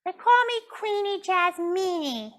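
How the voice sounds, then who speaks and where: A woman's voice: extremely high pitch, sing-song, takes it slowly, voice pushed up, full character voice. A woman voicing Jasmine, a sulky and indignant young girl puppet who talks in a pouty, insistent way.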